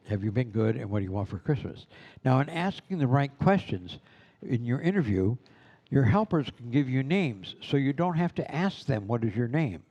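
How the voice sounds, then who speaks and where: A man's voice: medium pitch, gravelly, dark tone. An older man teaching a class of Santa performers in a loose, rambling way, acting out children's voices in his stories. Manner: rambling, acts out kids' voices in anecdotes. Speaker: Santa school instructor.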